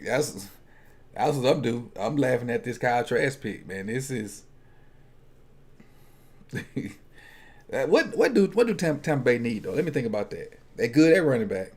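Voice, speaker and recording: A man's voice: medium pitch, sing-song, normal speed, long pauses, a little mellow. A man talking casually at a football draft watch party. He jokes and thinks aloud, often restarting his sentences. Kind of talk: casual chat.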